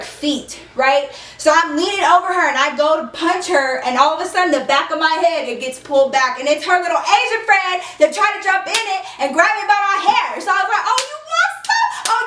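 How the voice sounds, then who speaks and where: A woman's voice: sits high, echoey room, recorded from a distance, a little hiss or hum. A young woman telling a heated story on her vlog, emphatic, with lots of "like" and "okay?" asides. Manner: emphatic, heated, acts out the scene, shouts quoted lines; frequent fillers and "okay?" asides. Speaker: vlogger.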